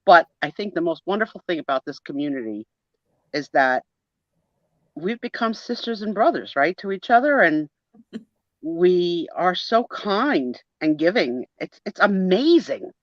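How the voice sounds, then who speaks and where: A woman co-hosting a live photo sale, chatting warmly and telling a story with laughs. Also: fairly low pitch, sing-song, a little slow, no echo. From Italian-American family. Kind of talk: casual livestream chat. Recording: dull dry sound of a video call.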